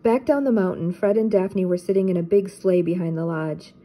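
An older woman, a teacher, reading a children's storybook aloud in a steady, clear way. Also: fairly low pitch, fairly quick.

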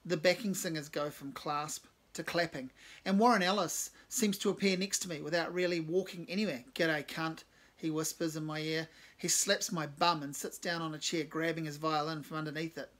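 A man's voice: a little high, steady tone, fairly quick, fairly bright tone. A man reading his own first-person short story, with wry, self-deprecating asides.

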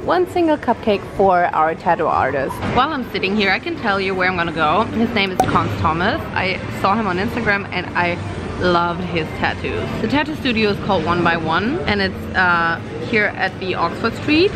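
A bubbly young woman with a German accent chats to camera, giggling often, her pitch bouncing all over the place. Traffic noise hums clearly behind her. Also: animated, normal speed. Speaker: vlogger. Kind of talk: casual vlog chat. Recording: noisy with traffic around.

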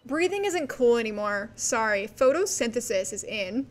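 A woman's voice: on the high side, animated, moderate pace, faint music behind. A woman streaming a game, chatting casually with her viewers in a bubbly, giggly way. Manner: bubbly, giggly, talks to chat. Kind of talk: casual gameplay livestream chat.

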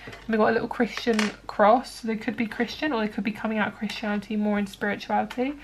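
A woman's voice: mid-range voice, flat delivery, quick pace, slight background noise. A young woman chatting casually through a tarot reading, rambling with lots of fillers. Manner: chatty, rambling, many likes and ums. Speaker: tarot card reader.

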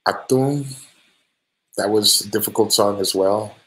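A band singer answering fan questions on a live stream, friendly and relaxed, with many ums and restarts. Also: male voice, on the low side, measured pace, low-quality recording. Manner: friendly, thanks each fan by name.

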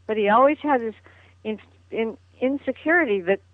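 An older woman, a guest in a phone interview from home, reminisces in a chatty way and laughs often. Her voice is on the high side at a moderate pace, heard over a tinny, dry phone line with no room sound.

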